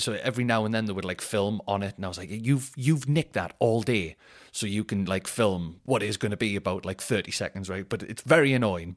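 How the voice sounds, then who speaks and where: A man hosting a podcast, telling rambling, jokey stories full of fillers and restarts. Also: on the low side. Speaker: podcast host. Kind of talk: casual storytelling.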